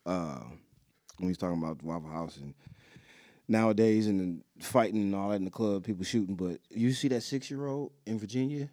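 A man's voice: lowish voice, a little fast, warm tone, no echo, clean studio sound. A man co-hosting a casual podcast chat, laid-back, sometimes reading news aloud. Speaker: podcast co-host.

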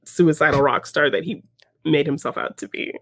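A woman's voice: sits low, moderate pace, no room sound, studio quality. A woman co-hosting a podcast, recapping a film in casual chat, laughing often and using lots of fillers. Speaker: podcast co-host.

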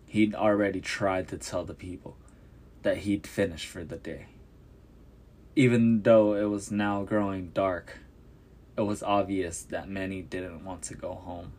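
Slow, low-voiced male storyteller. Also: steady tone, darkish tone. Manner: measured, descriptive reading. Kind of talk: scripted Bible story narration.

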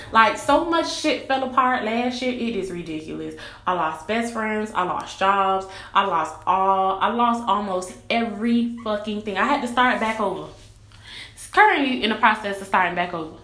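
A woman's voice: mid-range voice, moderate pace, fairly bright tone. A young woman telling her own story in a candid vlog monologue, blunt and profane, driving her points home with repetition. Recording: echoey room with faint ambience.

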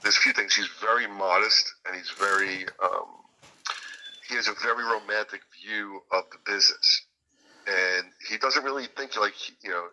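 Poor audio captures a man speaking at a moderate pace with a lowish voice and sharp tone. He's a music producer and guitarist in a casual interview, rambling through anecdotes with plenty of fillers and false starts.

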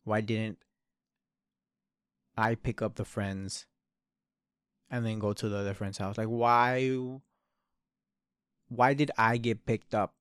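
A man's voice: on the low side, little pitch movement, slow pace, pauses often, clean tone, no echo, clean studio sound. A man in his early twenties telling a long story in rambling casual talk, swearing a lot and calling the listener bro and dude. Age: 20s. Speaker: podcast host.

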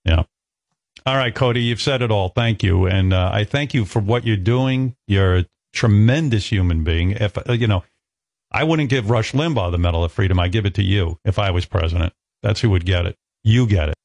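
Man, radio host, blunt, sarcastic, gravelly, dry sound. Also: lowish voice, moderate pace, darkish tone, dry recording. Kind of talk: talk radio.

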